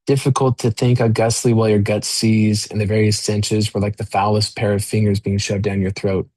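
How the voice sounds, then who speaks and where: A man, an author, reading his own novel aloud in a measured way, then talking freely with many fillers and restarts. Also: fairly low pitch, level tone, darkish tone, no room sound.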